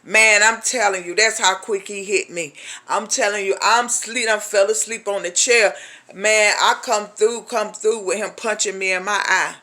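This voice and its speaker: Woman preaching her own story, bright voice, real colloquial, acts out everybody's voices. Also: medium pitch, steady tone, moderate pace. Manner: emphatic, addresses listeners as honey. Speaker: ministry speaker giving testimony. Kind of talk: personal testimony talk.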